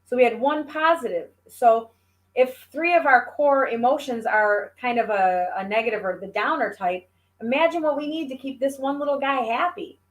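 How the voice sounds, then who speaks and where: A woman's voice: fairly high pitch, moderate pace. A woman chatting casually as a guest, telling stories animatedly and acting out the voices of the people she quotes. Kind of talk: casual chat.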